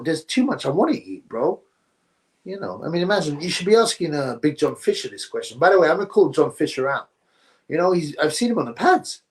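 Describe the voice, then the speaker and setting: Male stream host, relaxed rambling chat delivery. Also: fairly high pitch. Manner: rambling, drifts between topics, says "bro" often. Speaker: livestream host reading chat. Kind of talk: casual live-stream chat.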